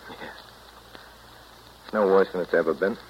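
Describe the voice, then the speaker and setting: A man's voice: low-pitched, fairly even intonation, moderate pace, slight background noise, natural voice. An actor as a cool, world-weary man. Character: weary, detached man ending a romance. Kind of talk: 1940s radio acting. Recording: dull lo-fi old radio recording.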